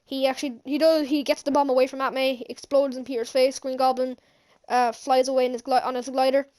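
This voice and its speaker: A woman giving an excited, rambling movie recap as a vlogger, gushing, with lots of fillers and restarts. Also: sits high, a little fast.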